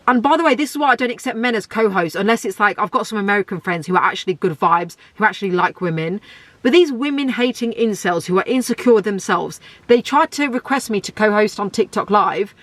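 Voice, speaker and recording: A woman's voice: animated, a little fast, a bit bright, no echo. A woman, hosting a solo podcast in a blunt, outspoken, ranting way. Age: 20s. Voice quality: deep voice. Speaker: podcast host.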